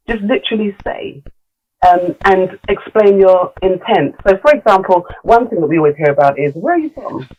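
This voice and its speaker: A woman's voice: lowish voice, a little mellow, muffled recording. A middle-aged woman, a guest in a casual podcast conversation, talking candidly with many fillers and restarts. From London. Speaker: guest, leadership coach.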